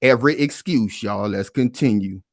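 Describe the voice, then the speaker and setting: A man speaking who hosts a reaction commentary, pausing a news clip and arguing his points emphatically while speaking straight to his viewers. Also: lowish voice, dry recording, studio quality. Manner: emphatic, repeats points, talks to viewers as "y'all".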